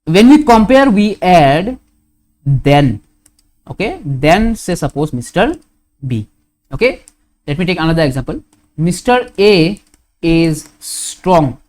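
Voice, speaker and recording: A man with an Indian English accent teaching a grammar lesson, going slowly and repeating his examples, often asking a question and then answering it himself. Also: a little high, sing-song, a little mellow. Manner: slow, repetitive, asks questions and answers them.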